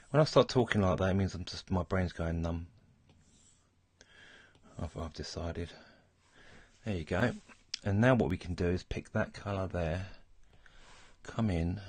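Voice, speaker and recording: A man's voice: low-pitched, a little slow, pauses often, no echo. A man hosting a casual drawing tutorial, muttering and thinking aloud as he works. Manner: relaxed, mutters and thinks aloud while working. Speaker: art tutorial host.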